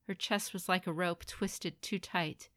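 A woman narrating a grim fantasy story in a dramatic, expressive reading. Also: on the low side, unhurried, no echo, studio quality.

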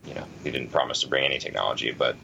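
A man with an extremely low, forceful voice, chatting casually as a podcast co-host. He rambles thoughtfully and restarts his sentences often. The audio is slightly dull, with a faint hiss behind him. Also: rapid-fire, gravelly. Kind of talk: casual chat.

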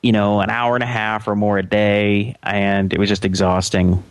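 Halting low-voiced man hosting a podcast. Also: little pitch movement, smooth, dry recording. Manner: halting, many restarts and rambling asides. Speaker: podcast co-host. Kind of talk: casual tech podcast chat.

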